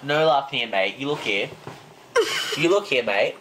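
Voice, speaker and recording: A man's voice: medium pitch, animated, moderate pace, fairly bright tone, a little hiss or hum, lightly acted, poor audio. A man with an Australian accent putting on an exaggerated, blustering Aussie bloke who says "mate" a lot. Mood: blustery. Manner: drawling, mate-heavy bluster. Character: broad stereotypical Aussie bloke, bossy.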